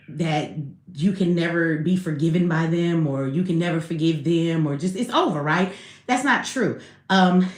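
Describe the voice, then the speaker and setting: A woman's voice: fairly low pitch, reverberant. A woman in her thirties hosting a casual live stream, talking candidly in slang and laughing often.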